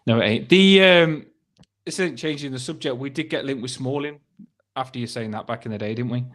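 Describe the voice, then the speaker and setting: This is a man hosting a casual football fan chat, quick to laugh and tease. He has a middle-pitched voice that is plain and steady. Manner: laughing, teasing. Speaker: podcast host.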